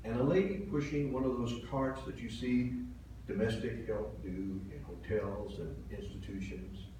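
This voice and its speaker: A man's voice: on the low side, recorded from a distance. Older man preaching in an echoey hall. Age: 70s. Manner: earnest storytelling, swelling and dropping in volume. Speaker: pastor. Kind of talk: sermon. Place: church sanctuary. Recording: very echoey hall from afar, faint hiss.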